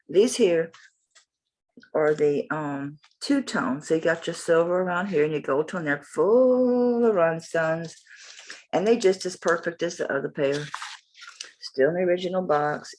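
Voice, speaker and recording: A woman with a Southern accent, chatting in a folksy, rambling way as she sells jewelry in a casual home vlog. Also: low voice. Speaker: jewelry seller. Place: home, morning light.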